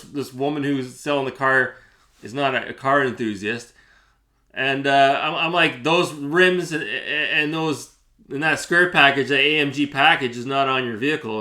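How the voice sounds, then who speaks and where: A man's voice: medium pitch, moderate pace, pushed and bright. A man hosting his own channel, telling a story to camera in a chatty way, with many fillers and restarts. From Canada. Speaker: gaming channel host.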